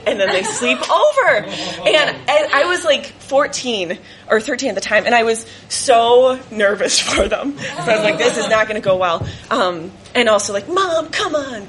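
A woman in her twenties telling a personal story live on stage, animated and laughing often as she acts out family voices. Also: medium pitch, background noise.

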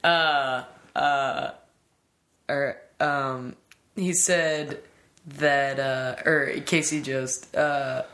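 A woman hosting a podcast, chatting casually and telling animated stories, mimicking voices as she goes. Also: extremely low pitch, very slow. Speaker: podcast host. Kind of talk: casual chat.

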